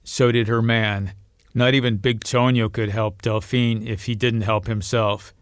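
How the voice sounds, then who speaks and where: A man reading a novel aloud as narrator, in a steady storytelling manner. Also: unhurried, clean tone, no echo, clean studio sound. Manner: steady storytelling, lifts pitch and volume for quoted voices. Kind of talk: audiobook reading.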